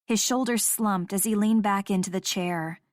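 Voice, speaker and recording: Brief: female romance audiobook narrator, middle pitch, dry studio sound. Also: moderate pace, no echo.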